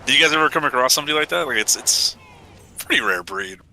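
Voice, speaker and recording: Chatty, lively male streamer, bright tone, rambling stories. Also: mid-range voice, fast, a little hiss or hum, rough recording. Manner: rambling, laughing storyteller. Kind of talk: casual gaming chat.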